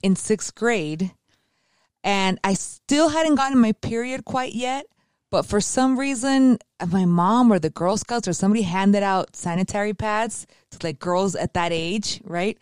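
A woman's voice: mid-range voice, darkish tone, clear, resonant tone, no room sound, studio quality. A woman in her thirties from Venezuela, joking and chatting casually on a podcast, slipping Spanish words into her talk. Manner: playful, quick with jokes, slips Spanish words in. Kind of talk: casual chat.

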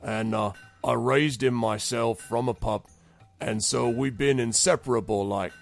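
A man voicing a wary male animal keeper from a camp, who asks slow, suspicious questions. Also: medium pitch, fairly even intonation, gravelly, soft background music. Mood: matter-of-fact.

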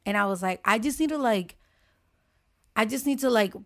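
A young woman in casual chat, telling a story with lively acted-out quotes and frequent swearing. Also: on the high side, normal speed. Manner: animated storytelling, acts out quotes, swears freely.

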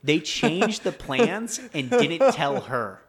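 A man's voice: on the high side, sing-song, takes it slowly, slightly rough. A young man casually telling a long story on a podcast, swearing a lot and sounding fed up. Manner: profane, exasperated storytelling.

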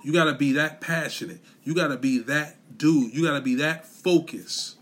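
A man delivers a blunt, profane pep talk on a podcast, hammering his points with repetition and street slang. His voice sits a little high for a man and has a husky, grainy edge. He swears freely and talks straight at the listener. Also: normal speed, a bit bright. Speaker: podcast host. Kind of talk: profane motivational rant.

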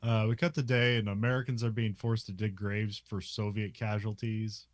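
A man's voice: on the low side, level tone, moderate pace, no echo, clean studio sound. A man casually recapping a film's plot on a podcast, laughing often between his sentences and filling gaps with uh and like. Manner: laughs often, many fillers, plot summary. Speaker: podcast co-host recapping a film. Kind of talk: casual film recap chat.

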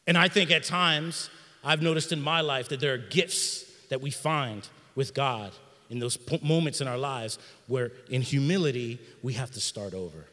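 A middle-aged man preaching a sermon in a church sanctuary, in an energetic, conversational style with slang. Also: mid-range voice, normal speed, in a large hall. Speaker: pastor.

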